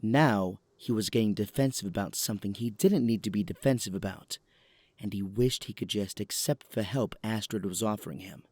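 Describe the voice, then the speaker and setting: Calm low-voiced male narrator. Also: moderate pace, dry recording. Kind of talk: scripted narration of an audio drama.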